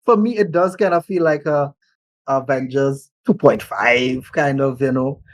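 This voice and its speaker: A man's voice: medium pitch, measured pace, dry recording, rough recording. A man who reviews films, speaking as a podcast guest and enthusiastically recalling his reactions to movies. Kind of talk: casual film review chat.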